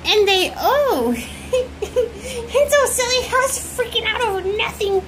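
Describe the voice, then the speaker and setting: A woman's voice: very high-pitched, sing-song, a little slow, full character voice. A woman voicing a jittery, easily frightened little girl doll, chattering and squealing breathlessly, in a doll role-play. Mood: relieved. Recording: noisy home recording.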